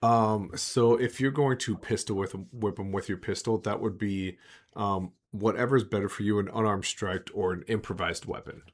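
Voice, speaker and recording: A man's voice: fairly low pitch, fairly even intonation, moderate pace. A man acting as game master, narrating a tabletop game and explaining the rules loosely and conversationally.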